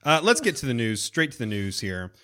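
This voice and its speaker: A man hosting a casual podcast chat, his pitch bouncing up and down as he jokes his way through the news. He sounds playful and loose, laughing often. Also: clear, resonant tone. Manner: playful, jokey, with lively pitch and quick laughs. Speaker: podcast co-host.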